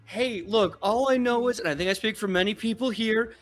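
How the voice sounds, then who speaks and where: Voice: mid-range voice, a little fast, soft background music. A game master narrating a tabletop game in a playful, chatty way, with frequent fillers and restarts. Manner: animated, playful, with fillers and self-corrections.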